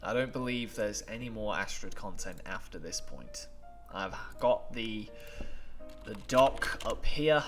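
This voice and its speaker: A man's voice: on the low side, animated, unhurried, soft background music. A man commenting on a game playthrough in a chatty, emotional way, laughing and moved as he wraps up. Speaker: gaming YouTuber.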